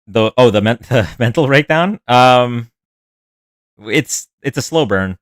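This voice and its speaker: This livestream host speaks slowly in an expressive, medium-pitched voice, rambling casually as he chats with viewers and reacts to comments. It's a dry recording.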